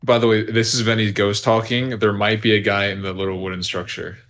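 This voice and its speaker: A man's voice: on the low side, level tone, a little fast, fairly bright tone, slight background noise. A man playing an online shooter and chatting casually with teammates in a teasing, playful way. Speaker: game player. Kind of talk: casual gaming voice chat.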